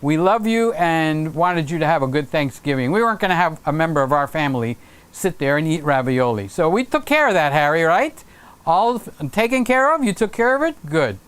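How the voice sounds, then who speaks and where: An excitable, jokey man hosting a casual livestream from a home room, reading out viewer comments with lots of fillers and teasing. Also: fairly high pitch, a little fast, clean tone. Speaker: livestream host. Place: home room with Christmas tree set.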